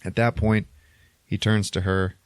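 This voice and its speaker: A man's voice: lowish voice, flat delivery, a little slow, clear, resonant tone, no echo. A man co-hosting a podcast, casually retelling a film plot in a rambling way, chuckling between lines and saying "like" a lot. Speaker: podcast co-host.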